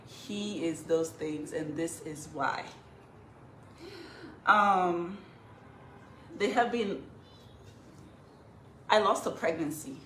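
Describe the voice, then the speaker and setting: A woman from Nigeria with a slightly low voice speaks shakily but defiantly. The room around her is echoey. A faint hiss sits in the background. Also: drawn-out words, pauses often, a bit bright. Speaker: social media personality. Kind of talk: emotional on-camera statement.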